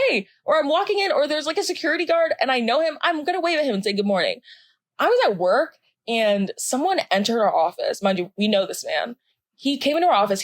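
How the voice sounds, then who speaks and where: Heard on a podcast mic without echo, this young co-host from the American South has a medium-pitched voice. She's lively and sarcastic in a casual rant, cursing often.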